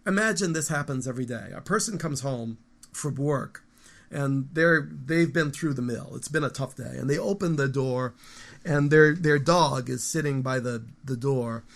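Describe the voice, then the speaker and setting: A man in his fifties, a guest musician, talking casually in an interview in a rambling, animated storytelling way with frequent restarts. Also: mid-range voice. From United States.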